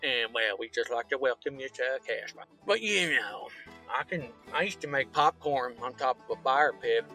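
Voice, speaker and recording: A man's voice: medium pitch, expressive, normal speed, pushed and bright, faint music behind, voice pushed down, rough recording. A man voicing a crude, chatty Kansas hillbilly who rambles and swears in a folksy drawl while driving his car. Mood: rambling.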